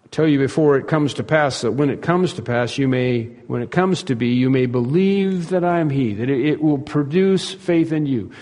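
A man's voice: medium pitch, moderate pace, a little mellow, big-room sound. A man preaching an expository sermon, emphatic and repeating himself, and voicing the disciples' questions. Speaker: pastor.

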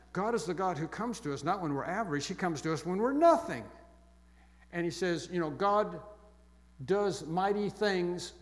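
A man preaching a sermon with emphatic, repeated phrases that fall soft and quiet toward the close. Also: high voice. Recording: long echo of a large hall.

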